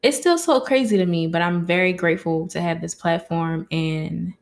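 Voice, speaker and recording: A woman's voice: lowish voice, normal speed, vocal fry. Grateful woman hosting her podcast. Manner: warm, heartfelt, addresses listeners as y'all. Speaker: podcast host. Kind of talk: casual solo podcast talk. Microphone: podcast mic.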